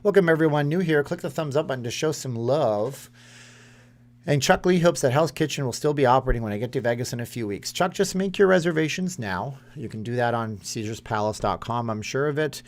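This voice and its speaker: A man's voice: mid-range voice, animated, brisk. Rambling man in his thirties. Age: 30s. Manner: rambling, reads chat comments aloud. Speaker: live stream host. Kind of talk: casual live stream chat.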